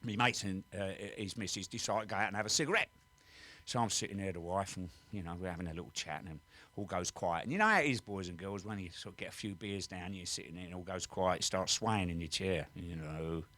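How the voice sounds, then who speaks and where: A man's voice: low voice, fast, pushed and bright. An English man telling rambling, cheeky pub stories and jokes, full of "right?" and "he said". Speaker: guest storyteller.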